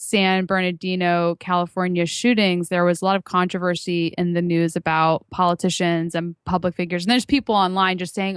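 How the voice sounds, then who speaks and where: Smooth low-voiced woman explaining earnestly. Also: little pitch movement, a little fast, hardly any pauses, dry recording, studio quality. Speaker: podcast co-host. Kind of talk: casual fan discussion.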